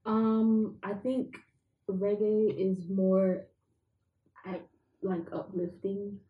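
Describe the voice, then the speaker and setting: A woman's voice: medium pitch, little pitch movement, drawn-out words, narrow, tinny audio. A woman co-hosting a podcast, chatting casually and hesitantly, with many fillers and restarts. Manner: hesitant, full of fillers and restarts, laughs easily. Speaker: podcast co-host. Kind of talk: casual chat. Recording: echoey room.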